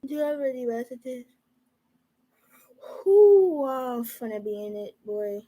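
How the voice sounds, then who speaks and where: A woman's voice: on the high side, normal speed, mellow, muffled recording. A young woman giving a casual, profane tarot reading, talking straight to her viewers. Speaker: tarot reader.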